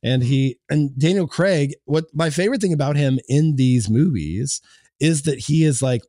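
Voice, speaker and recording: A man's voice: fairly high pitch, moderate pace, dark tone, no echo, studio quality. A man co-hosting a film podcast, chatting casually and rambling with many fillers and restarts. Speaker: podcast co-host.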